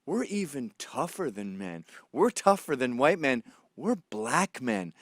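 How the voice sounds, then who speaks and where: A man's voice: medium pitch, very animated, a little slow, no room sound, studio quality. A man voicing a brash, boastful woman talk-show guest in a swaggering, mocking tone.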